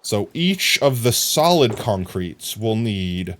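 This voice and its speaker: A man's voice: lowish voice, very animated, takes it slowly, a little hiss or hum. A man casually narrating his game on a live stream, talking to chat and humming silly sound effects as he works.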